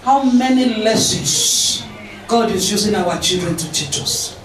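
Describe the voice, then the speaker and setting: A woman preaching a sermon, animated, often shouting and laughing, slipping into pidgin. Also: medium pitch, measured pace. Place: church. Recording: echoey church hall, distant mic.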